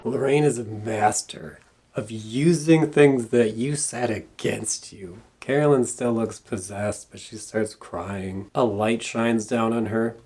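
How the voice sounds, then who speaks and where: Male reviewer, slightly low voice, dry sarcastic scene-by-scene recap narration. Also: takes it slowly, a little mellow, husky. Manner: dry, sarcastic plot retelling. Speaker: film reviewer. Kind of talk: comedic movie recap narration.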